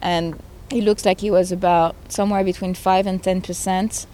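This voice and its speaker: Mellow and lowish, her voice stays fairly even in intonation at a moderate pace. This game creator in her thirties speaks earnestly, emotionally, and with conviction during a conversational interview. There's faint background noise.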